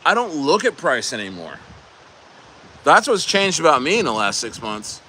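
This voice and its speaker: A man's voice: on the high side, big pitch swings, moderate pace, sharp tone, a little hiss or hum. A man hosting a casual crypto livestream, bantering and joking loosely with viewers in the chat. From United States.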